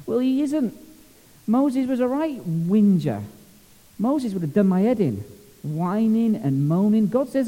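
A man with a Scottish accent, a pastor preaching a sermon in a lively, jokey, colloquial way. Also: sits high, a little slow, in a large hall, poor audio.

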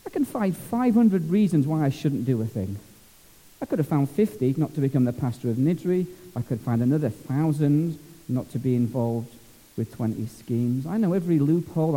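Jokey Scottish pastor in a church hall. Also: male voice, on the high side, brisk. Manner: lively, jokey, colloquial. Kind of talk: sermon.

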